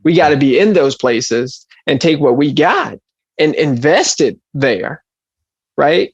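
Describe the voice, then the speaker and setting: A man's voice: on the high side, expressive, a little slow, creaky, husky, no room sound. A man speaking as an environmental justice activist, delivering an impassioned speech full of rhetorical questions that build to rousing emphasis.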